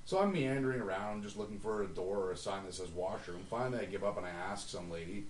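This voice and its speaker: A man's voice: on the low side, quick pace, hardly any pauses, far from the mic. A man casually telling a long profane backstage story, acting out what people said. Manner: profane storyteller, acts out quotes. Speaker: musician. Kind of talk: casual podcast chat. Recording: roomy with faint noise, a bit off-mic.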